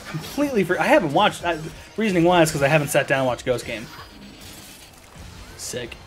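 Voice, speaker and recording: A man's voice: fairly high pitch, big pitch swings, fairly quick, soft background music. An American man casually rambling to viewers while streaming a video game, often correcting himself mid-sentence. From United States.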